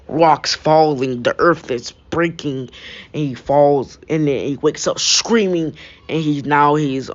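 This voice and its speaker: A young man improvising a fan-fiction story, rambling with frequent restarts and filler phrases. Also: fairly high pitch. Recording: dull lo-fi mic.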